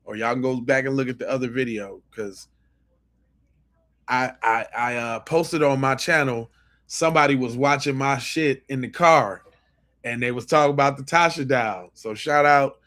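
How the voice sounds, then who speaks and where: A podcast host with a mid-range voice talks at a moderate pace while reacting to clips. He sounds animated and emphatic, cursing freely as he goes.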